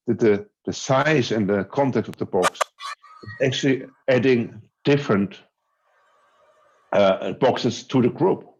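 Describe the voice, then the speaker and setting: A man speaking as a gives a talk over a video call in a relaxed, conversational way. He hesitates and restarts often. His pitch sits in a middle range, and the audio sounds dull and lo-fi. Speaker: conference speaker. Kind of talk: online conference talk.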